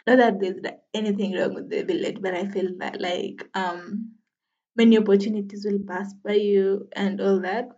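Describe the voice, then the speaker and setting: A woman's voice: mid-range voice, fairly even intonation, moderate pace, a little mellow. Chatty young woman podcaster, lo-fi sound. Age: 20s. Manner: chatty, laughs often, self-deprecating. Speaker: podcast host. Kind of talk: casual solo podcast chat.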